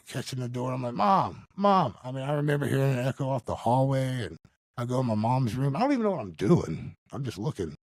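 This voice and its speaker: A man's voice: mid-range voice, no room sound. Slangy man telling a story, dry sound. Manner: animated, slangy, calls the listener dude and bro. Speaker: podcast guest. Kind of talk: casual storytelling.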